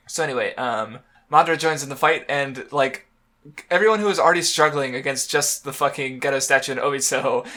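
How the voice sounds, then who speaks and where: Bright-voiced man rambling about manga. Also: mid-range voice. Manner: rambling, many fillers and restarts, laughs often. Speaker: podcast co-host. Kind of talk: casual chat about manga.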